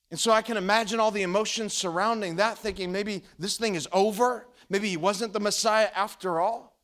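A man preaching a sermon as pastor, telling the story with animated delivery and acting out the quoted voices. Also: high voice.

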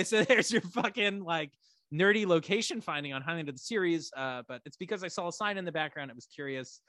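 A man co-hosting a podcast, casually recapping a TV episode in a rambling, filler-heavy, excitable way with some swearing. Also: fairly high pitch, no room sound. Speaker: podcast co-host.

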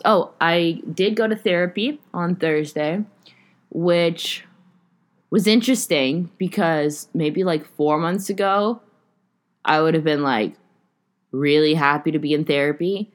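A young woman hosting a casual solo podcast, rambling and chatty with lots of fillers and some swearing. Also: sits low. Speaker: podcast host.

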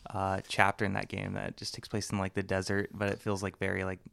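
A man hosting a podcast in a casual chat, relaxed and loose with many fillers. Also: deep voice, fairly quick, creaky, dry recording. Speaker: podcast host.

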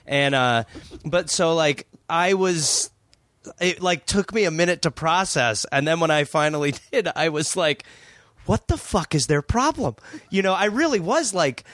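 A man from Wisconsin with a high, bright voice jokes through a story on a podcast, his pitch jumping around. His quips are deadpan, and the sound is dry and close. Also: normal speed, no room sound. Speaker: podcast guest. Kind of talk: casual comedy chat.

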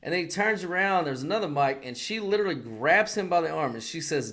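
A man's voice: on the high side, fast talker, hardly any pauses. Swearing man telling a story. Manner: animated storyteller, heavy swearing, acts out quotes. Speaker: podcast co-host. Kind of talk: casual chat.

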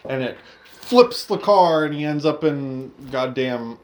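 A man casually retelling a film's plot with lots of swearing and quick acted-out quotes. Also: fairly high pitch, animated. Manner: profane, laid-back retelling with acted-out quotes. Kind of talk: casual movie recap chat.

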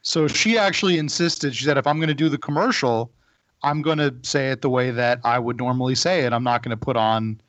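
A man co-hosting a casual chat, talking haltingly and stumbling over his words. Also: medium pitch, a bit bright, no room sound. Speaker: co-host. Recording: dull, dry recording.

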